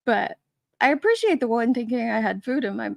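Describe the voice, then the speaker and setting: A very animated woman with a creaky, somewhat high voice talks fairly quickly, with no echo in the recording. Hosting a casual stream from her basement man cave, she chats, laughs often and says hello to viewers by their chat names.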